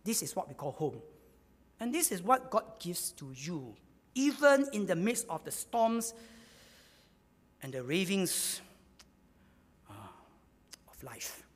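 A man's voice: high voice, big pitch swings, slow, pauses often. Man preaching in a reverberant hall. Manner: repeats key phrases for emphasis, sometimes rising in energy. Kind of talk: sermon.

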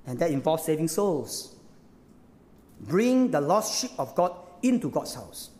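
Lively, high-voiced preacher. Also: male voice, measured pace, long reverb tail. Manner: emphatic, repeats phrases, asks rhetorical questions. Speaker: pastor. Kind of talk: sermon.

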